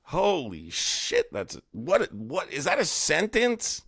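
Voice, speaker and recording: A man's voice: a little high, wildly swooping pitch, slow, vocal fry, few pauses, a bit bright, dry recording, clean studio sound. Profane, mocking streamer man. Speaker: live streamer host. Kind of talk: casual ranting livestream commentary.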